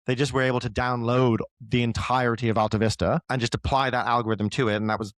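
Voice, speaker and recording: A man's voice: medium pitch, flat delivery, fast talker, fairly bright tone, no room sound. A man, a writer, talking as a guest in a casual conversation, explaining ideas loosely with lots of fillers.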